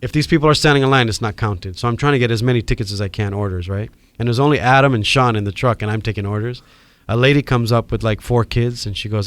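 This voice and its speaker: A middle-aged man, a podcast guest telling a story in casual, animated chat and acting out the people in it. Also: lowish voice, fast talker, smooth, dry recording. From Hawaii. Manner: animated, acts out quoted voices.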